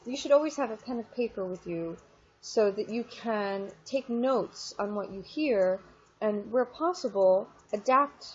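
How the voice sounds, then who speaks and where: Woman, French teacher, husky voice, patient walkthrough, dull lo-fi recording. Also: medium pitch, lively intonation. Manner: clear, explanatory, spells out French examples slowly. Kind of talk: recorded online lesson walkthrough.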